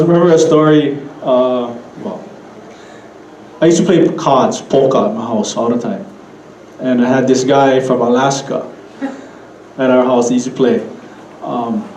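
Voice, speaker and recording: A man with a Hawaiian Pidgin accent giving a keynote talk in a relaxed storytelling manner, with asides to the audience. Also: mid-range voice, echoey room, slight background noise, low-quality recording. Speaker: keynote speaker.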